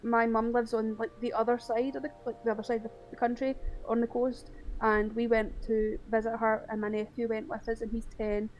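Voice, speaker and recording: A woman chatting on a gaming podcast, emotional and animated as she tells stories. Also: fairly high pitch, a little fast, muffled recording, slight background noise. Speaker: podcast guest. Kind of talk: casual chat.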